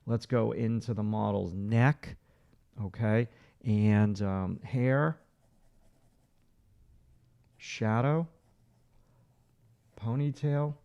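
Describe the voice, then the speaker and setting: A man's voice: on the low side, creaky, dark tone, clean tone, no echo, muffled recording. A man teaching a livestreamed drawing lesson, talking through each stroke as he sketches and encouraging viewers to keep going. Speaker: art instructor.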